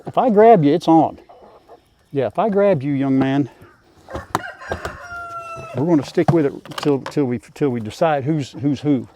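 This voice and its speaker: A man's voice: fairly high pitch, measured pace, pauses often, background noise. An older man with a drawl, chatting casually to his chickens and his viewers on his farm. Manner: folksy rural drawl, talks to his animals. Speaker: farm vlogger. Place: outdoors in a chicken coop.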